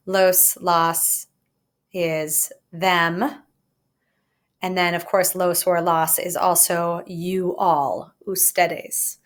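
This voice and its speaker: A woman's voice: on the low side, little pitch movement, drawn-out words. A woman teaching a recorded Spanish grammar lesson with jokey, playful asides.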